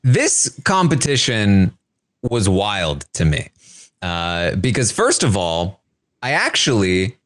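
A man co-hosts a casual recap podcast, chatting loosely and laughing often. His pitch rises and falls in wide, lively swings as he talks. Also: takes it slowly. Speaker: podcast co-host recapping a reality show.

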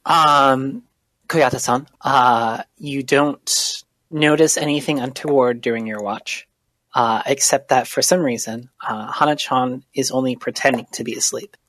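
This is a game master narrating a tabletop role-playing session at an ordinary middle pitch, often pausing on ums and restarting lines. The sound is close and completely dry. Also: a bit bright, no echo. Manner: hesitant, many ums and restarts.

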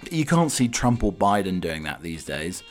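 Rambling low-voiced English podcast host. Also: male voice, sing-song, normal speed, faint music behind. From Norfolk, England. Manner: rambling and hesitant, many "uh"s and restarts. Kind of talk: casual solo podcast chat.

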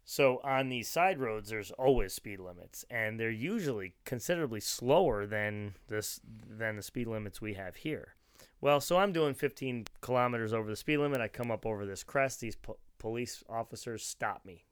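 A man's voice: mid-range voice, animated, normal speed, smooth, dry recording, studio quality. A middle-aged man telling a long rambling anecdote in casual chat, often restarting and laughing.

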